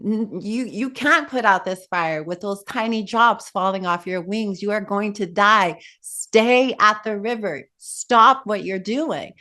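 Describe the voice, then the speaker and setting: A woman's voice: medium pitch, measured pace, few pauses, bright, forceful tone. A woman playing a stern, commanding eagle.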